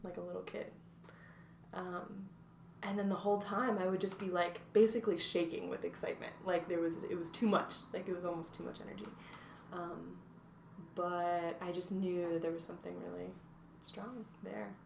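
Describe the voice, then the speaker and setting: A woman's voice: lowish voice, level tone, moderate pace, gravelly. A woman in her twenties, a guest talking reflectively with many fillers and restarts, recorded in an echoey room from a distance. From North Carolina, USA. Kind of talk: casual interview chat. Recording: echoey room, distant mic, faint noise.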